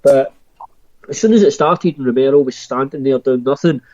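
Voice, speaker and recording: A man's voice: medium pitch, normal speed, warm tone, no room sound. A man speaking as a podcast guest, hesitant, with frequent ums and restarts. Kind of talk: casual podcast chat. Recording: dry, dull lo-fi audio.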